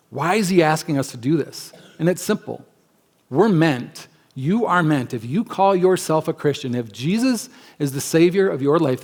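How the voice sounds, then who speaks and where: A male pastor with a somewhat high voice delivers a sermon in a church. He talks in a conversational, emphatic way and slips into quick acted-out asides. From United States. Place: church sanctuary.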